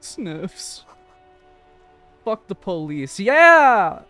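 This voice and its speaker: High-voiced, giggly young male streamer. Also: slow pace, dry recording, soft background music. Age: 20s. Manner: giggly, playful reacting. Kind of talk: casual game-stream commentary.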